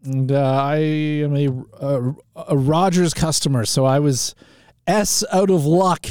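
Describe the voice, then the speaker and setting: A man's voice: a little high, steady tone, a little slow, darkish tone, smooth, no room sound, clean studio sound. A man from Canada hosting a live call-in talk show, chatting casually with rambling asides, fillers and restarts.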